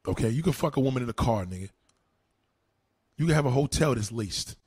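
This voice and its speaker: A man's voice: medium pitch, expressive, fairly quick, a little mellow, slightly rough, no echo. A man, ranting in a combative way at a livestream's comments, with heavy cursing, slang and repeated retorts. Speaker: livestream host answering comments.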